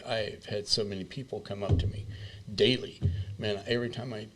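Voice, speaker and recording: Deep-ish guy, easygoing host talk, faint room hiss. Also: steady tone, brisk. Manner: easygoing, praising. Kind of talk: casual interview chat.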